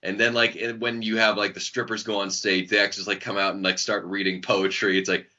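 Bright, joking man chatting about games. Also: fairly low pitch, fast. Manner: joking, animated, riffing. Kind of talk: casual chat about video games. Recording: dull lo-fi sound.

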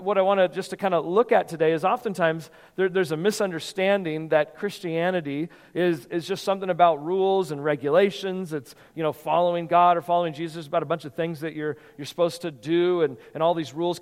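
A man preaching a sermon as pastor in a church, conversational and given to repeating words as he thinks. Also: a little high. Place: church sanctuary. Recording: long hall reverb.

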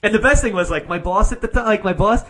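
A man's voice: high-pitched, quick pace. A young man, telling a rambling story in casual podcast chat. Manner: animated, rambling storyteller with many "like" fillers. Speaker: podcast co-host.

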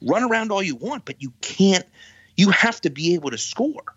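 A man who is a guest on a casual podcast, telling stories in an animated, exasperated way. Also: high voice, normal speed, husky, no echo. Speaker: podcast guest, football writer. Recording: dull dry lo-fi sound.

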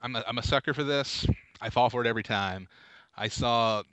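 A man co-hosting a casual movie chat podcast, joking and bantering quickly. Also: medium pitch, a bit bright.

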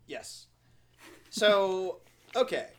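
A man brainstorming story ideas in casual chat with friends, animated and laughing often. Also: high voice, very slow, a little hiss or hum.

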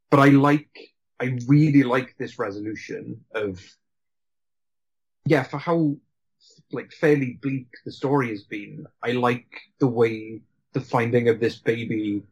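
Man, husky voice, casual film chat, rambling, restarts, laughing. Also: medium pitch, rough recording.

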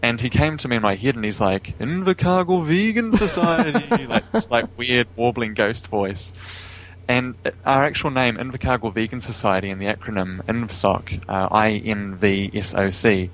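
A man's voice: fairly low pitch, fairly even intonation, normal speed, a bit bright, poor audio. A man with a New Zealand accent, a guest talking casually in an interview over a remote call, easygoing and chuckling often. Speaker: guest, vegan activist.

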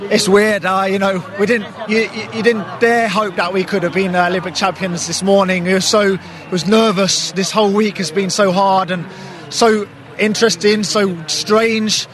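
A man's voice: sits high, steady tone, normal speed, fairly bright tone. A man, an Olympic canoeist, giving a rambling, disbelieving interview outdoors at a whitewater course. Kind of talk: post-race interview.

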